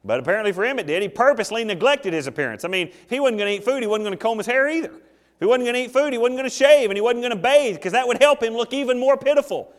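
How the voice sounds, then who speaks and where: A man's voice: very high voice, rapid-fire, in a large hall. A man preaching a sermon, telling stories with humor and acting out little scenes. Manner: animated, jokey storytelling with acted asides. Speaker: pastor.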